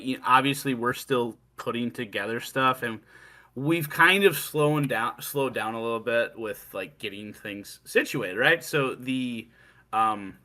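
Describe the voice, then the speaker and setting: A man who is a guest on a casual podcast, explaining league records in a lively, chatty way. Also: medium pitch.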